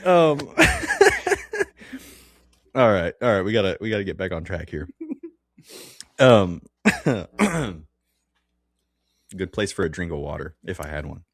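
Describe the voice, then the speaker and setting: This man co-hosts a laid-back Bible-study podcast in a low, creaky, sing-song voice, speaking slowly with frequent pauses and no echo. He tends to ramble, stops to restart sentences, and often breaks into laughter.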